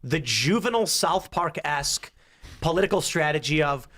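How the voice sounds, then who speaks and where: A man's voice: a little high, expressive, a little fast, fairly bright tone. A man hosting a podcast, casually reading and riffing on a news story in a wry way. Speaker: podcast host.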